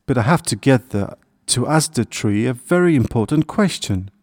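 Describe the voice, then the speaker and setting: A man's voice: medium pitch, animated, moderate pace, a little mellow, no room sound, studio quality, lightly acted. A man voicing a shy, timid little young male hedgehog in a storybook, speaking hesitantly. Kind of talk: storybook character voice.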